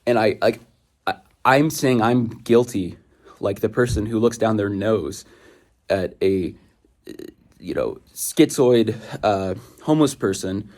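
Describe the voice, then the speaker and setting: A man's voice: on the low side, slow pace, darkish tone. A young man vlogging from a hiking trail, ranting in an exasperated, rambling way and drifting off on tangents. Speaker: thru-hiker vlogger. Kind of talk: rambling outdoor vlog monologue.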